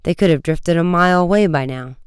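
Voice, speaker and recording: Guy reading as a teen boy detective, firm and bossy, clean smooth voice. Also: fairly high pitch, a little fast, no echo, studio quality, lightly acted. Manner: firm, commanding. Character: quick-witted teenage boy detective Frank.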